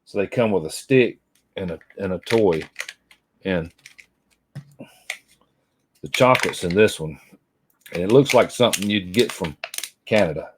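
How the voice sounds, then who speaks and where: Guy, kinda low voice, middle-aged, rambling on and chatting with viewers while opening stuff. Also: a little slow, pauses often, noisy background. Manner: rambling, folksy, talks to viewers by name. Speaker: vlogger. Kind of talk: casual chat while unboxing.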